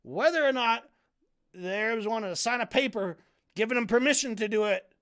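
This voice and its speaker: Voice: mid-range voice, normal speed, a bit bright. Debate streamer, casual profane rant, sarcastic, stumbles and repeats words. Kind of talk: casual ranting commentary.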